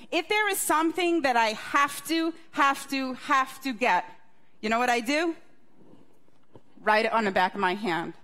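A woman's voice: fairly high pitch, fairly bright tone. A woman pastor giving a conversational sermon, often asking the congregation questions. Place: church service.

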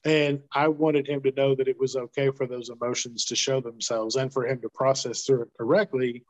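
A middle-aged man co-hosting a podcast in casual chat, relaxed and folksy with homespun sayings. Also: mid-range voice, a little fast, rough recording. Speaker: podcast co-host.

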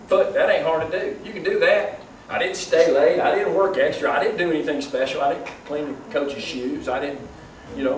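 Man, motivational speaker, high voice, jokey and energetic, heard from a distance. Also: a little hiss or hum. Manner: lively, joking, leads audience exercise. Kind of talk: motivational talk to an audience. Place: large hall with audience. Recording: echoey hall from far off.

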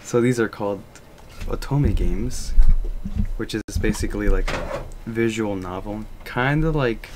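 A man playing a game with a friend, laid-back and laughing softly in casual chat. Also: lowish voice, a little slow, pauses often, noisy background. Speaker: guest player.

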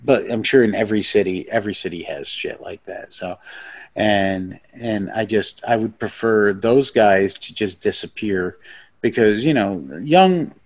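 A man's voice: on the low side, a little slow. A man, a stand-up comedian, chatting as a guest on a podcast in a blunt, rambling, profane way. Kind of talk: casual podcast chat.

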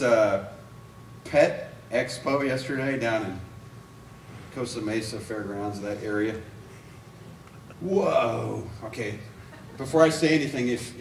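Animated man preaching in echoey church. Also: mid-range voice, recorded from a distance, a little hiss or hum. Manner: animated storytelling with acted-out quotes. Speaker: evangelist preacher. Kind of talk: sermon. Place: church sanctuary.

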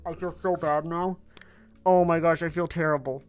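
Man doing a chatty, excitable game host with a smooth, clean voice, swings high and loud when upset. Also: normal speed, faint music behind. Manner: chatty, excitable, talks to on-screen fish; big jumps in pitch and loudness when upset. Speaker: gaming channel host. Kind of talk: mobile game commentary.

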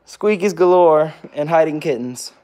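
A man's voice: fairly high pitch, moderate pace, a little mellow. A man hosting a casual livestream with viewers, answering comments one by one and cooing baby talk at his pets. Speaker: pet vlog host.

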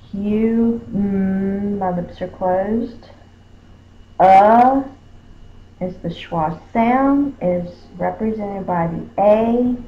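A woman with a lowish voice walks through a spelling lesson, sounding out each word syllable by syllable at a very unhurried pace. The recording is roomy and a little dull, with a faint hum behind her. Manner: sounds words out slowly, stretching syllables. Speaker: teacher. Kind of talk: slow phonics lesson.

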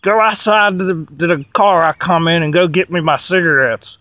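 A man doing an impression of a famous boxer as a pushy man with a high-pitched voice. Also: moderate pace, sharp tone, no room sound. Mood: bossy.

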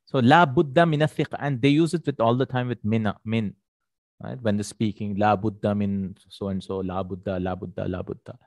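Male Arabic teacher, lowish voice, dry recording; patient explainer who repeats terms and checks for understanding. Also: steady tone, a little mellow, no echo. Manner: checks in with "right?" and "hmm?", repeats Arabic words slowly. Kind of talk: explaining a textbook lesson.

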